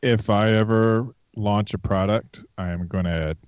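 A man's voice: on the low side, fairly even intonation, measured pace, a little mellow, clean tone, dry recording, lo-fi sound. A man co-hosting a casual podcast, blunt and teasing, swearing casually. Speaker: podcast co-host.

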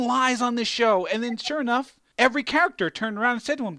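A man hosting a casual chat, rambling and animated, swearing and laughing often. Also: extremely high pitch, fast talker, few pauses, no echo, clean studio sound.

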